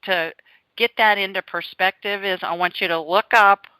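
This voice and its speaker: A woman hosting a call-in radio show, chatty and animated, telling stories and reassuring callers. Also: mid-range voice, moderate pace, clear, resonant tone, no room sound, rough recording. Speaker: radio show host, psychic.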